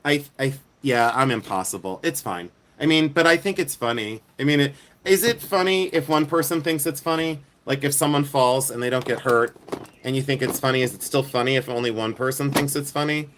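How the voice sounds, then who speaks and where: A man's voice: mid-range voice, fairly quick, a bit bright, slight background noise. A middle-aged American man hosting a casual live stream, chatting and joking with viewers in a self-deprecating way. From United States. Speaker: livestream host, jewelry reseller. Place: outdoors at night.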